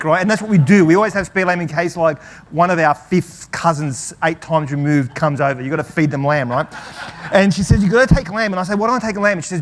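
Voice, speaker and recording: A professor telling a lively personal story to an audience, acting out family voices and often restarting his sentences. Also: sits high, a little hiss or hum. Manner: animated, chatty, acts out family voices, frequent restarts. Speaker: professor giving a presentation.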